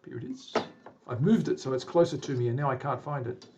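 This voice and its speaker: A man's voice: mid-range voice, animated, fairly quick, highs cut off, noisy background. A man with an Australian accent, a guitar maker chatting to himself and his viewers as he works in a workshop, muttering under his breath with asides to the audience. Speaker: guitar maker live-streaming a build. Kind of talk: casual live-stream narration while working. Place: woodworking workshop. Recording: distant voice in a workshop.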